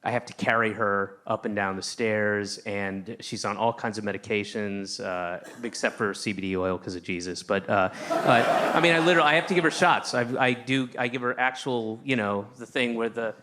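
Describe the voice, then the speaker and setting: A man doing a stand-up routine, telling a rambling story with lots of restarts and sudden shouted outbursts. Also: fairly low pitch, normal speed, hardly any pauses, background noise. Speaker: stand-up comedian. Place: comedy stage with a live audience.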